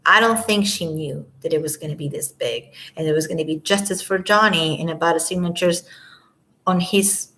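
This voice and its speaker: A woman's voice: low-pitched, normal speed, poor audio. Rambling woman on a late-night live stream. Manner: rambling, talks to viewers, trails off softly. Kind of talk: casual live-stream commentary. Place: at home, alone at night. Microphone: camera mic.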